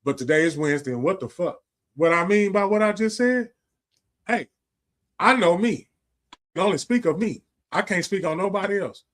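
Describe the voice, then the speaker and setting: A man's voice: high voice, expressive, moderate pace, a bit bright. A man, hosting a livestream and giving a casual, preachy monologue full of slang, profanity and repetition. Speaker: livestream host.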